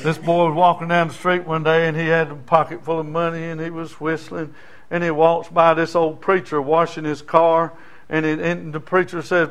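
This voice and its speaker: A man's voice: a little high, level tone, normal speed, clear, resonant tone, faint music behind. An older man, a pastor preaching in a folksy storytelling way, dropping into dialect. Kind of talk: sermon.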